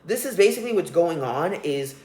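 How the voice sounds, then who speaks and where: A man's voice: a little high, lively intonation, brisk, darkish tone. A young man hosting a solo podcast, ranting with profanity and scorn. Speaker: podcast host. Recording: roomy echo.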